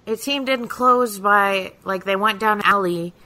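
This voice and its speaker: A woman's voice: mid-range voice, a little slow, bright, forceful tone. A woman casually chatting on a podcast, chiming in with wry, teasing remarks. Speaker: podcast co-host. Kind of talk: casual chat.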